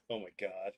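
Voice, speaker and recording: A man's voice: sits low, dull audio. A man hosting a podcast livestream, chatting casually, greeting viewers and commenting on a game. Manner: relaxed, greets chat, laughs often.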